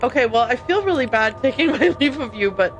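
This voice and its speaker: A woman's voice: on the high side, animated, brisk, soft background music. A woman streaming a mystery game, chatting casually, laughing often and reacting aloud as she reads on-screen text. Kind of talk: casual let's-play commentary.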